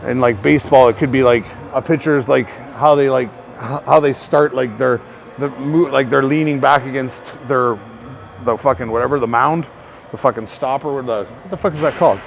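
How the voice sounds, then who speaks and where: A man's voice: medium pitch, normal speed, creaky. A man working as a personal trainer, rambling through casual coaching talk to the camera, swearing and filling gaps with "like". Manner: rambling, profane, filler-heavy.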